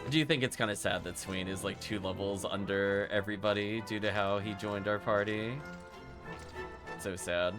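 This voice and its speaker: A man streaming a game, casually commenting and talking to his chat in a relaxed way. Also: lowish voice, normal speed. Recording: game music behind.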